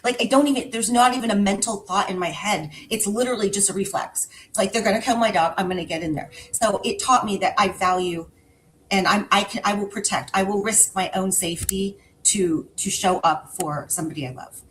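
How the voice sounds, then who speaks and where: A woman's voice: medium pitch, brisk, a bit bright, slight background noise, low-quality recording. A middle-aged woman speaking in a casual podcast conversation, reflective and searching for her words. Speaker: podcast guest.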